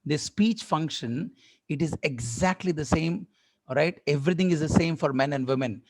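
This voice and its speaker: A man with a fairly high voice gives a lively motivational talk over a video call. He speaks in a dry, close sound with no room echo. He keeps acting out little everyday scenes for his listeners. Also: moderate pace. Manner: animated, repeats "my dear friends", acts out everyday scenes. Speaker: guest speaker at a club event.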